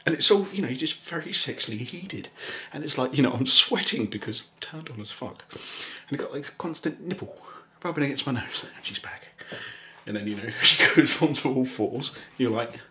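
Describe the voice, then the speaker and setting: A man telling a rambling story in a soft, casual way, laughing often and slipping into whispers. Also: medium pitch, lively intonation, brisk, a little hiss or hum. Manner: rambling and chuckling, drops into whispers. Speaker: ASMR channel host.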